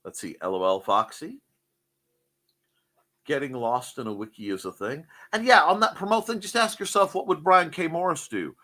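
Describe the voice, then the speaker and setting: Lively, bright-voiced male show host. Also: on the high side, moderate pace. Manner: joking, rambling, reads chat aloud. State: cold. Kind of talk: casual livestream chat.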